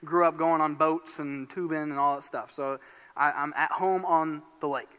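A man from Northeast Indiana preaching a sermon as pastor, telling a story in an animated, excitable way. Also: a little high, normal speed, clean tone. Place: church sanctuary. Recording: long church hall reverb.

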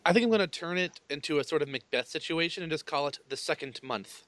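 A man's voice: a little high, quick pace, a bit bright, dry recording. A man co-hosting a podcast, chatting casually with a playful, teasing humor. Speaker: podcast co-host. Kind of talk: casual chat.

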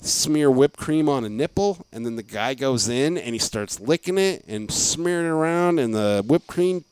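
A man's voice: medium pitch, lively intonation, moderate pace, a little mellow, clear, resonant tone, dry recording. A man co-hosting a podcast, telling rambling comic stories in casual chat and acting out office conversations. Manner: rambling storyteller, acts out office exchanges. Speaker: podcast co-host.

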